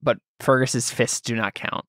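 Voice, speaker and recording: Casual male GM, mid-pitch, dry close mic, rambling delivery full of "um" and restarts. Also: fairly even intonation, pushed and bright, dry recording. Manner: loose, halting narration with many fillers and restarts. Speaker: game master. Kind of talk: running a tabletop game, casual.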